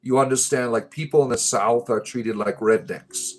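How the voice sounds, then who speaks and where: A man's voice: mid-range voice, normal speed. Rambling man hosting a livestream. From United States. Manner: rambling, joking, full of fillers and restarts. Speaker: livestream host. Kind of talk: casual livestream chat with viewers.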